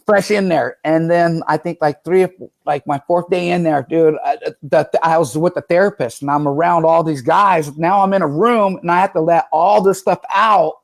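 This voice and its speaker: A man's voice: fairly high pitch, gravelly. A middle-aged man talking loosely and rambling, telling his recovery story in a casual interview. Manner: loose, rambling, says "dude" a lot. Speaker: guest, professional skateboarder.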